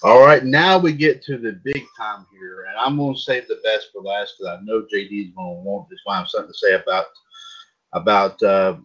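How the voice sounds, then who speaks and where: A husky man hosts a wrestling podcast and hands the floor to his co-hosts. His pitch is average. The sound is dull and lo-fi. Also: fairly bright tone. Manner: leads the panel, asks co-hosts for takes. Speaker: podcast host.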